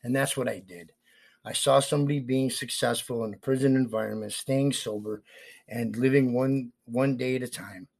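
A man in recovery sharing a sincere, folksy story in casual conversation, grateful to his friend. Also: mid-range voice. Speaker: guest in recovery.

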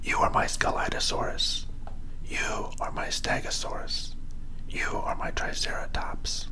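A man's voice: lowish voice, very animated, moderate pace, a little mellow, slight background noise. A man reading aloud and voicing an earnest small boy who loves his toys. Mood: whispered. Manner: earnest, pleading.

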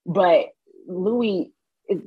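A woman's voice: on the low side, drawn-out words, husky, lo-fi sound. A woman guesting on a podcast, chatting casually in a blunt, sassy way and often acting out what others said. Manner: sassy, blunt, quotes people in mock voices. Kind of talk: casual chat.

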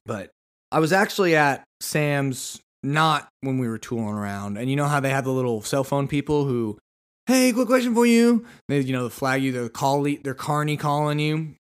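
A man's voice: medium pitch, moderate pace, a bit bright, smooth. A man hosting a podcast, telling a story in a casual monologue with sarcastic, exasperated humor. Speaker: podcast host.

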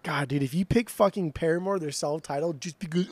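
A man's voice: a little high, fairly quick, no echo. A young man co-hosting a podcast in casual chat, swearing freely and ranting with mock outrage at his friend. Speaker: podcast co-host.

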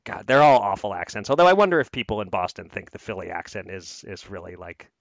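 A man's voice: fairly low pitch, big pitch swings, fast, dry recording, highs cut off. A man from Philadelphia hosting a casual podcast, chatty with frequent restarts. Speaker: podcast host.

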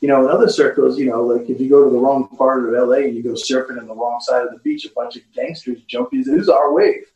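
Middle-aged man, guest, lively storyteller, warm mellow tone, a bit off-mic in an echoey room, muffled recording. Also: medium pitch, fast talker, hardly any pauses. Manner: storytelling with put-on voices and laughs. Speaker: podcast guest. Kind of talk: animated casual chat. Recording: roomy, distant, muffled recording.

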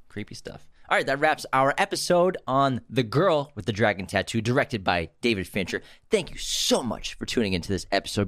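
A man's voice: medium pitch, fairly bright tone, dry recording, studio quality. A man co-hosting a podcast, chatty and enthusiastic, jumping in to gush about the film. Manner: chatty, enthusiastic, interjects and gushes. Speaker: podcast co-host. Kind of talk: casual podcast chat.

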